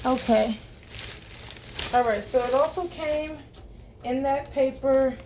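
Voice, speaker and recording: Chatty woman doing an unboxing vlog at home, highish voice, bit of faint noise behind. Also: slow, darkish tone. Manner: chatty, addresses viewers as y'all and guys. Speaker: vlogger.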